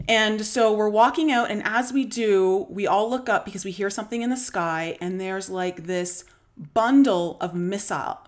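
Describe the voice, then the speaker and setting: Canadian lady on a livestream telling her dream, lots of ums and little laughs, middle pitch. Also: moderate pace. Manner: rambling storytelling with many fillers and small laughs. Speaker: spiritual vlogger. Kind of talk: live-stream dream retelling.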